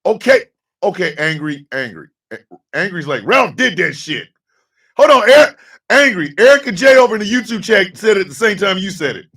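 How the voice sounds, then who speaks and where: A man hosting a livestream morning show, joking in animated bursts, repeating and restarting words, and sometimes shouting. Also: sits high, a little fast, slightly rough, recorded from a distance.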